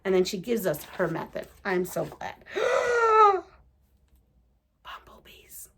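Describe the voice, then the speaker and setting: A woman chatting casually as a quilting vlogger, gushing and excitable, rambling with lots of fillers. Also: lowish voice, brisk, vocal fry, breathy edge. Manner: gushing and excitable, gasps and giggles. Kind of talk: casual unboxing chat.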